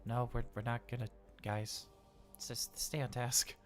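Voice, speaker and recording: Here a livestream role-player uses a mid-range voice with flat delivery and a measured pace, sounding close to his everyday voice, to portray an anxious, cheerful male robot caring for kids at a daycare. The robot chats, gets flustered, and rambles with stammers over faint music.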